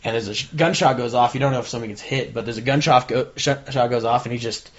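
An animated male podcast co-host, medium in pitch, rattles off a rapid-fire, casual recap of a TV episode. He acts out the characters' lines as he goes, and the sound is dull and lo-fi.

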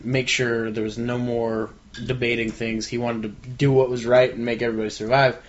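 A man's voice: medium pitch, little pitch movement. A man co-hosting a casual chat about a TV episode, often restarting and repeating words as he talks. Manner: halting, repeats his words when starting a thought. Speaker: podcast co-host. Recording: dull lo-fi recording.

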